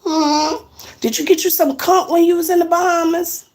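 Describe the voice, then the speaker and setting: A woman's voice: very high voice, fairly even intonation, normal speed, darkish tone. A woman chatting casually on a live stream from her apartment, teasing viewers and answering their comments aloud.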